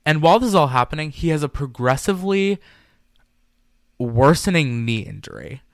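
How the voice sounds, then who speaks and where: A man co-hosting a casual podcast, retelling a story in an animated, gossipy way and slipping into quoted lines. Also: fairly high pitch, normal speed, no room sound, studio quality. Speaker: podcast co-host.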